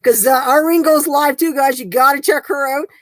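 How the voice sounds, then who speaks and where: A woman's voice: high-pitched, brisk, no echo, rough recording. An older woman with a Canadian accent hosting a casual livestream chat, laughing constantly between lines. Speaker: livestream host.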